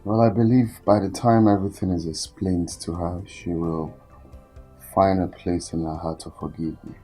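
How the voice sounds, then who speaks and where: Actor as a Nigerian husband, low mellow voice, hesitant, earnest. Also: male voice, steady tone, moderate pace, soft background music, close to an everyday voice, poor audio. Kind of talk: Nollywood film acting.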